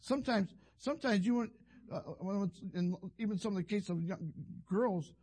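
Older preacher guy, kinda high and husky, rambles and cuts himself off. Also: normal speed, a little mellow. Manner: rambling, folksy, self-interrupting. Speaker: pastor. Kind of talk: sermon with personal story.

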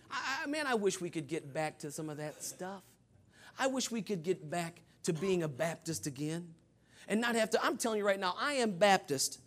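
A man preaching a Baptist sermon, dropping into low asides and then rising to shouted peaks. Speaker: pastor.

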